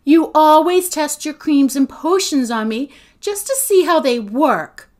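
A gruff, sullen teenage girl in a storybook reading snaps back short, blunt replies, voiced by a woman. Her tone is grumpy and pushy, spoken slowly and deliberately. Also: medium pitch, natural voice.

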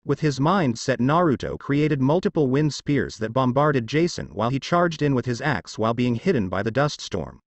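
A man narrating an action fan fiction story in an expressive storytelling manner. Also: mid-range voice, a little fast, hardly any pauses, no room sound, highs cut off.

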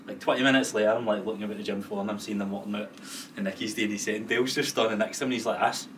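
Young Scottish podcast co-host, rapid and animated, set a little back from the mic. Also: male voice, fairly low pitch, far from the mic. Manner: animated storytelling, sweary, laughs often. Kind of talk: casual chat. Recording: roomy, a bit off-mic, faint background hiss.

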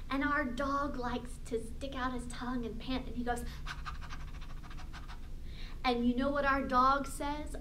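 A woman librarian leading a storytime for young children, talking in an animated, exaggerated sing-song way. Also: high voice, slight background noise.

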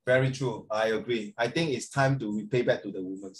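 A man's voice: lowish voice, fairly quick. A middle-aged man, teaching a class in a rambling, chatty way, switching into Mandarin and calling on students by name. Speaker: secondary school English teacher. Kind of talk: classroom lecture, talking off the cuff.

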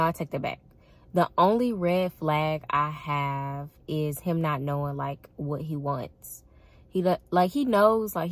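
A young woman chats to her viewers about her dating life and keeps breaking into laughter. Her voice sits a little low, and she talks loosely and casually, often calling them y'all. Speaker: vlogger. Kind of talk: casual storytelling to camera.

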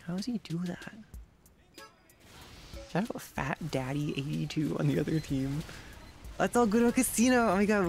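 Sarcastic streamer with vocal fry. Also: medium pitch, a little mellow. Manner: chatty, sarcastic, reacting to gameplay and chat. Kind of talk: casual gaming stream chatter.

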